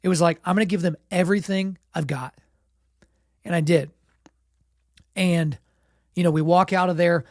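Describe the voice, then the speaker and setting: A man with a sore, sick throat, casually telling a story as podcast host, relaxed and self-deprecating with lots of "you know" and "like". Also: high-pitched, normal speed, long pauses, no room sound, studio quality.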